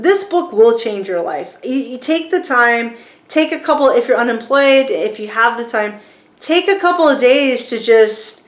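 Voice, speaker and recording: Chatty Southern-tinged woman in an echoey room. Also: fairly high pitch. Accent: Southern American. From rural Virginia, USA. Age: 40s. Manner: rambling, chatty, lots of restarts and fillers. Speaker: YouTuber. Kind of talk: casual talking-to-camera book review.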